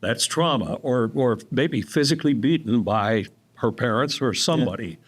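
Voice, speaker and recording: A male podcast host asks his guest questions in an interview. His voice is at an ordinary middle pitch, and he talks haltingly, restarting his sentences before he gets the question out. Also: lively intonation.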